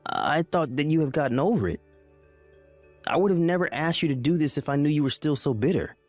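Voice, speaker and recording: A man's voice: fairly high pitch, lively intonation, fairly quick, darkish tone, dry recording, faint music behind. A man voicing a confused young husband in a dramatized story, pleading and anxious. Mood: bewildered. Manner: confused, pleading, rising alarm.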